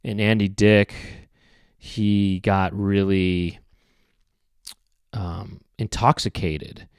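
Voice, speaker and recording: A man hosting a podcast, telling a rambling comic story in a deadpan way, full of fillers and self-corrections. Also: fairly low pitch, very slow, smooth, no echo, clean studio sound. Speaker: podcast host. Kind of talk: rambling comedic monologue.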